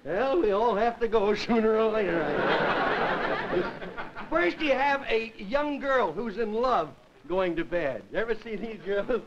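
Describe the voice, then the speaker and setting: A man's voice: sits high, animated, slow pace. A comedian man from the United States, telling a rambling stand-up monologue to a studio audience and chuckling at his own jokes. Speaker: comedian host. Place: television studio with live audience. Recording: dull lo-fi 1950s television audio with faint hiss.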